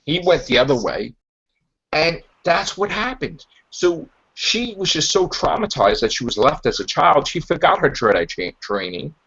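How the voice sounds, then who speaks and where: A man hosting a podcast in casual chat, rambling and acting out characters' lines in animated voices. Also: fairly high pitch, normal speed, vocal fry, slightly rough. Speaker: podcast host. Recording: dull lo-fi podcast audio.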